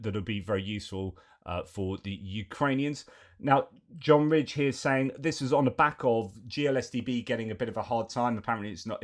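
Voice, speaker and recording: A man giving casual news commentary, chatty and reeling off lists with frequent fillers. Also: fairly low pitch.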